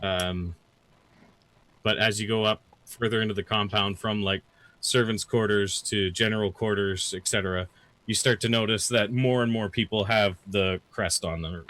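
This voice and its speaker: A man runs a tabletop game as dungeon master. His voice sits on the low side, and he describes each scene loosely, pausing often to search for words. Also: steady tone, fairly bright tone, no room sound. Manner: loose, halting description with fillers.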